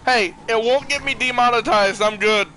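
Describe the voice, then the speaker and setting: A man's voice: very high-pitched, moderate pace, sharp tone, faint music behind. A young man chatting and teasing in group voice chat while gaming, giggling a lot. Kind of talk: casual banter while gaming.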